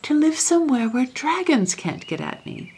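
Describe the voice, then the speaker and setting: A woman's voice: high-pitched, big pitch swings, normal speed, a little mellow, a little hiss or hum, voice pushed up. A woman putting on the voice of a timid wooden rocking horse in a storybook reading, pleading.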